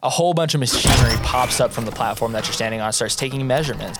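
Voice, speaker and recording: A man's voice: mid-range voice, fast talker, over loud music. Casual young man running a game. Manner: casual, rambling with fillers. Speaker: game master. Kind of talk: narrating a tabletop game.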